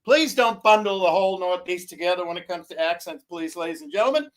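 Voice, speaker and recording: A man's voice: sits high, animated, fast. A man hosting a casual live-stream chat, rambling and joking in a loose, giggly way.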